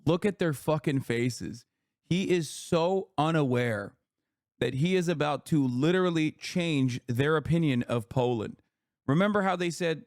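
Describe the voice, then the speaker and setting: A man's voice: fairly high pitch, unhurried, no room sound, clean studio sound. A man giving heated, scornful reaction commentary on a video, swearing often.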